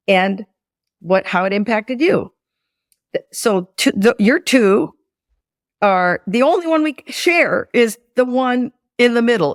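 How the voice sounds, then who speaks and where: Woman in her sixties, gravelly low voice, dry close mic, podcast guest teaching with stories. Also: no echo. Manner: animated storyteller who acts out dialogue with repeated restarts. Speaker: guest, former business school lecturer. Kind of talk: podcast interview, teaching through anecdote.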